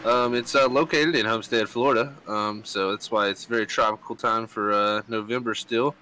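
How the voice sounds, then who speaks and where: A man co-announcing a racing broadcast who shares track facts in a filler-heavy way. His voice is bright. Faint noise can be heard behind him. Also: fairly low pitch, fairly even intonation, a little fast, poor audio. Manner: informative, filler-heavy delivery. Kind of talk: race commentary and track facts.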